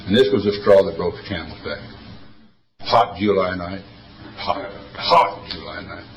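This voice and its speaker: Speaking at a measured pace with a low-pitched voice, an older man spins drawling, folksy, wisecracking tales at a recovery meeting. It's a low-quality recording made from a distance, with a roomy sound.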